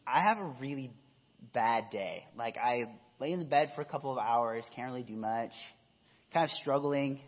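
A man's voice: a little high, breathy edge. A man preaching a sermon as pastor, earnest and emotional, with frequent fillers and restarts. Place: church hall. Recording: dull echoey hall sound.

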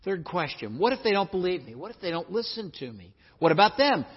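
A male pastor preaching a sermon, animated and emphatic, often asking questions of his listeners. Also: fairly high pitch, fairly quick, few pauses, husky. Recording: echoey hall, dull lo-fi sound.

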